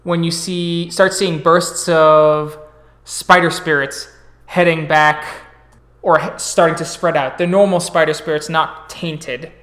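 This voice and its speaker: A man's voice: on the high side, steady tone, slow pace, fairly bright tone, echoey room. Man narrating as game master.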